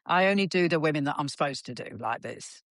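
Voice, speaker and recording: A woman's voice: deep voice, expressive, fast talker, no echo. Theatrical woman in her sixties, dry sound. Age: 60s. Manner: theatrical, calls people darling and dear. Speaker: actress guest. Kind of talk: casual chat.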